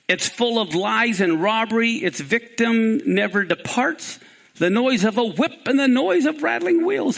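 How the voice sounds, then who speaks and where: A man with a Kansas accent teaching through Bible passages, reading verses aloud and explaining them with animated emphasis. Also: sits high, creaky. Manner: animated, rising for emphasis on scripture.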